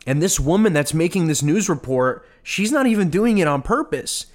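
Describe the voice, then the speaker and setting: A man's voice: fairly high pitch, lively intonation, moderate pace. A man hosting a podcast and giving opinionated commentary, often mocking and sarcastic, repeating phrases for effect. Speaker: podcast host.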